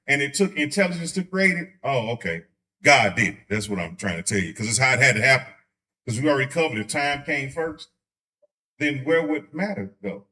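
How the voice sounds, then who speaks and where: A man teaching a church Bible study in a casual, joking way, slipping into quick voices to make his points. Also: a little high, sharp tone. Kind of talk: conversational sermon. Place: church sanctuary.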